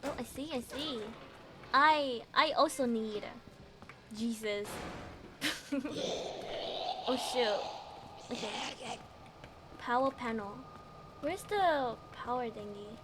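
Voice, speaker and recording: A woman's voice: fairly high pitch, slow pace, pauses often, noisy background. A woman streaming a game, giggling often and chatting with her viewers as she plays. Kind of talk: casual gameplay commentary.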